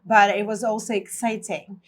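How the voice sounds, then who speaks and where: Russian-accented woman telling lively stories. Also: mid-range voice, moderate pace. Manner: lively storyteller, laughs often. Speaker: guest. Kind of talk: casual interview chat.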